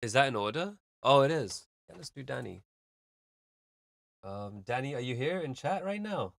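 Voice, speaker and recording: A man's voice: medium pitch, sing-song, moderate pace, creaky, a bit bright, no echo, studio quality. A man hosting a live stream, giving casual, rambling music feedback full of fillers and vivid analogies.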